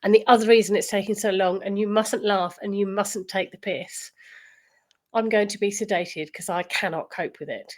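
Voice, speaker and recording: A woman's voice: mid-range voice, normal speed. A woman with a southern English accent, co-hosting a podcast in giggly, chatty conversation. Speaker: podcast co-host. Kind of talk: casual chat.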